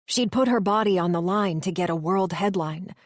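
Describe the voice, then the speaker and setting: A woman reading audiobook narration in a measured, even way. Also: lowish voice, no room sound, studio quality.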